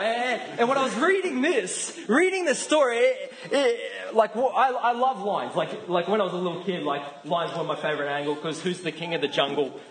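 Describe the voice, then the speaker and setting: A man's voice: sits high, fairly quick, few pauses, a bit bright, poor audio. A man with an Australian accent giving a casual, chatty sermon, with frequent restarts. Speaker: pastor.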